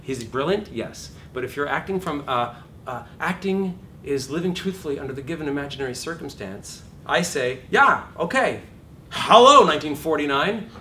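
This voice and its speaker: Middle-aged guy teaching acting, swears a lot, acts stuff out loud, picked up from across the room with a low rumble behind. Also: normal speed. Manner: animated, profane, acts out shouted examples. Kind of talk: lively lecture to a class. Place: classroom or studio. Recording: distant room recording with background rumble.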